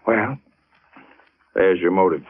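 A tough police detective in an old radio drama, brusque and commanding. His mid-range voice moves around lively in pitch. The sound is tinny and narrow, like an old broadcast. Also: slow pace, heavily acted. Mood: grim, quiet. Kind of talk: 1940s radio acting.

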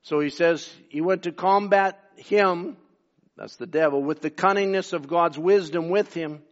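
Canadian guy preaching, pretty high voice, gets loud on his points then goes quiet for asides, muffled lo-fi sound. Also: a little slow. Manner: preaching with rising emphasis and asides. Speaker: pastor. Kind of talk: sermon.

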